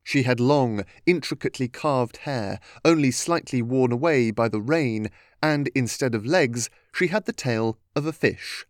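A man reading a storybook aloud as narrator, in a steady, even manner. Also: medium pitch, measured pace, no echo, studio quality.

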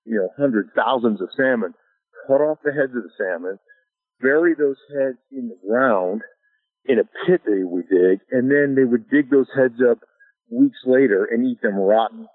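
A man's voice: medium pitch, normal speed, husky, no echo. A middle-aged man from Alaska, a former pro football lineman, telling stories in a casual interview, easygoing and chuckling, full of "you know" fillers. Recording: tinny dry phone line.

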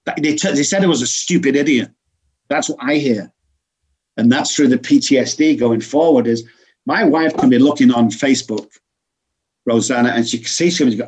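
Male interview guest, breathy rough tone, earnest and explanatory, mid-range voice. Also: mid-range voice, moderate pace, a little mellow. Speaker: addiction recovery guest. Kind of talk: conversational interview.

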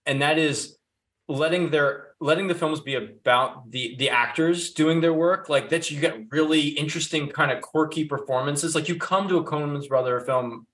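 A man's voice: a little high, normal speed, fairly bright tone. A man who is a filmmaker, a guest on a film podcast, musing thoughtfully in casual chat.

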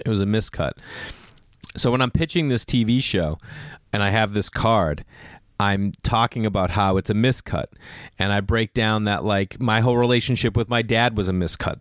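A man, a podcast host, telling rambling, self-deprecating stories in casual chat, often clearing his throat and rising in pitch as he gets excited. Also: no room sound, clean studio sound.

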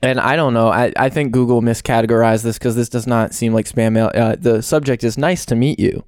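A man's voice: mid-range voice, fairly even intonation, fairly quick, darkish tone, no echo, clean studio sound. A man co-hosting a podcast in casual chat, playful and acting out quotes. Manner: playful, acts out quotes in funny voices. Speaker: podcast co-host.

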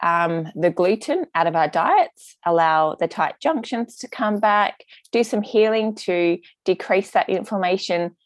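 A woman's voice: mid-range voice, expressive, unhurried, no room sound. A woman, a gut health practitioner explaining things in a chatty interview with lots of fillers. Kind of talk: casual interview answers.

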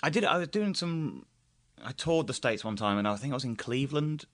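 A man's voice: mid-range voice, expressive, a little fast, no room sound, clean studio sound. A man from England with an English accent, a comedian telling anecdotes in a casual chat and laughing often. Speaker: guest comedian.

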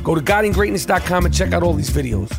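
A man's voice: high voice, lively intonation, fast, vocal fry, music in the background. A man hosting a podcast, rambling and swearing in casual chat and reading an ad. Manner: profane, rambling, loud. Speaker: podcast host.

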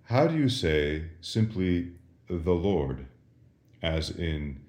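A very deep-voiced priest teaches Latin prayers at a deliberately slow pace. He asks each question and leaves a patient pause before he answers it. His voice carries a roomy echo. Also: very animated, a little mellow. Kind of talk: slow catechism lesson with call and response.

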